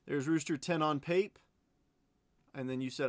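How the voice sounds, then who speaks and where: A man's voice: a little high, measured pace, no echo. A man hosting a live card break stream, chatting as he calls out cards and bids. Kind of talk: live stream auction chat.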